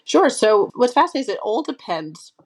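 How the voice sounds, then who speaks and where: A woman's voice: a little high, very animated, brisk. A middle-aged woman with a Long Island accent, speaking as an interview guest, enthusiastic and chatty. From Long Island, New York. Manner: enthusiastic, chatty, uses "if you will" and "like". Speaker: guest, magazine writer.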